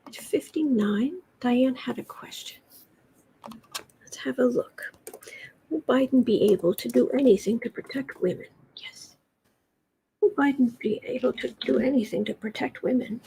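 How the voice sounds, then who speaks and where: A woman gives a political tarot reading on a livestream from her desk, chatting straight to her viewers. Her voice sits a touch high and has a gravelly, fried texture. She talks in a loose, hesitant way, doubling back on her words, and there is a faint hiss under the recording. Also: moderate pace, long pauses, mellow, low-quality recording. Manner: rambling, hesitant with frequent ums and restarts; chatty, addresses viewers directly. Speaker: tarot reader.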